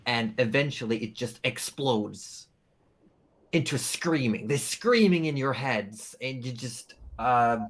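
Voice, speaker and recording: Australian game master narrating. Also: male voice, mid-range voice, animated, slow. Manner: descriptive, filler-heavy storytelling.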